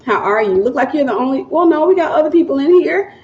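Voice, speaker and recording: A woman with a Southern accent hosting a casual home livestream, talking fast and greeting viewers by name before teaching. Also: sits high, expressive, darkish tone, slight background noise. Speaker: ministry livestream host. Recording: roomy, muffled home livestream audio.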